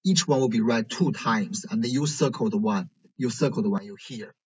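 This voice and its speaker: A man teaching a language lesson, explaining slowly and checking in with "right?". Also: mid-range voice, breathy edge. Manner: slow, careful explaining with frequent "right?" checks. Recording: dull lo-fi recording.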